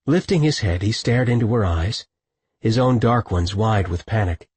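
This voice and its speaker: A man reading scripted audiobook narration with a husky voice, close to a studio mic. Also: fairly low pitch, lively intonation, moderate pace, darkish tone, no room sound.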